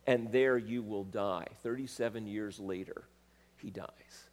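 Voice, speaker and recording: A man preaching a sermon, reading scripture aloud with rising emphasis and pausing to correct himself. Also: lowish voice. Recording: long reverb of a large hall.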